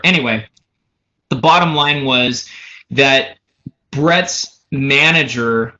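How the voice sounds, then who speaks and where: A man, a drummer, casually telling a long story, animated and profane, acting out the people he quotes. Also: medium pitch, dull audio. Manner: animated, profane, runs stories with "he goes" and "so anyway". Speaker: drummer and podcast guest.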